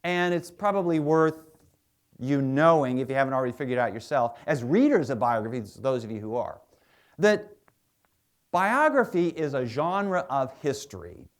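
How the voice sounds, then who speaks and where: A man's voice: medium pitch, animated, moderate pace. A man who is a historian and biographer, giving a public lecture as a chatty storyteller with plenty of asides.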